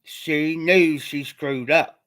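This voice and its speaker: A man from Ohio rambles through a personal story on his livestream, repeating himself in a loose, colloquial style. His voice sits a little high for a man. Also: fairly even intonation, takes it slowly, a bit bright. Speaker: livestream host.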